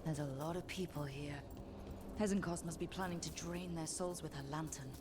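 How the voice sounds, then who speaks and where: An actress playing a decisive woman leading a party in a fantasy game, giving brisk directions. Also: sits low, steady tone, background noise, close to an everyday voice.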